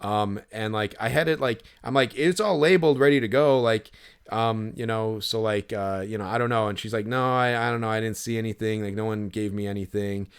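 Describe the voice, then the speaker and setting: A man with a somewhat low voice tells a long story on a casual podcast. He rambles and piles up fillers. He swears freely and acts out his own thoughts in quotes. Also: a little fast, clean tone. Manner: rambling, lots of fillers and profanity, animated when retelling. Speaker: podcast co-host.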